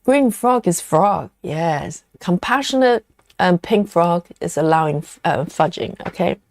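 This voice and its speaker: A woman's voice: fairly low pitch, animated, a little slow, dry recording, clean studio sound. A woman hosting a casual live stream, chatting and reading viewer comments aloud as she goes.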